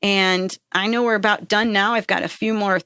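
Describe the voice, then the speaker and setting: A woman's voice: mid-range voice, steady tone, moderate pace, bright, forceful tone, clear, resonant tone, no room sound, clean studio sound. A woman hosting a podcast, giving earnest, encouraging self-help advice in a casual way and often checking in with "right?" and "okay?". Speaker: podcast host. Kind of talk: motivational self-help talk.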